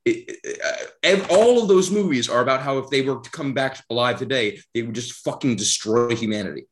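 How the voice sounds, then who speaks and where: A man's voice: mid-range voice, fairly quick. A man in a comedic mock debate on a podcast, heated and profane, calling his opponent mocking nicknames.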